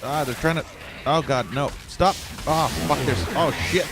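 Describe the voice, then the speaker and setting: A man's voice: mid-range voice, very animated, unhurried, heavy background noise. Ranting, profane man streaming a game. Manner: profane, ranting, easily frustrated. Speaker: gameplay streamer. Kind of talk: live gameplay commentary.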